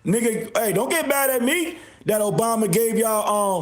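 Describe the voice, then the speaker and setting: High voiced dude ranting slow on his stream, mocks the chat, echoey room. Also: animated. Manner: mocking, loud laughing outbursts, insults viewers. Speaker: livestream host. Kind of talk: ranting livestream commentary.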